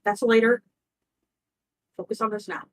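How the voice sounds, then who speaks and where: A woman playing a tabletop game, excitable and quick to swear and yelp in surprise. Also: fairly high pitch. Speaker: player. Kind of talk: tabletop role-play chat.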